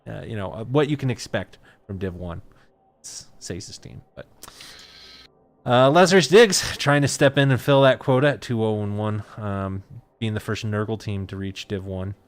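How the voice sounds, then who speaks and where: A man's voice: fairly low pitch, normal speed. A man hosting a casual esports talk show, laid-back, with many uh and um fillers as he talks. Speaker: host.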